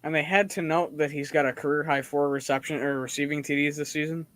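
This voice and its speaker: Chatty sports-stream host, dry close sound. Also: male voice, fairly high pitch, fairly even intonation, quick pace, a bit bright, no room sound. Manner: laughs easily, talks through plays as they happen. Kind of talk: casual sports chat.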